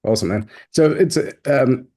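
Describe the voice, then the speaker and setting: A man leads a business Q&A over a video call, casual and lively as he acts out the people in his stories. His tone is warm and mellow. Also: mid-range voice, moderate pace. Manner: animated storyteller, acts out quoted people. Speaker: host and business coach.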